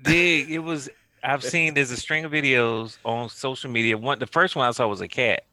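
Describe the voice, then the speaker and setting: A man in casual podcast chat, an animated storyteller who laughs easily. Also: mid-range voice, normal speed, no room sound. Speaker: podcast co-host.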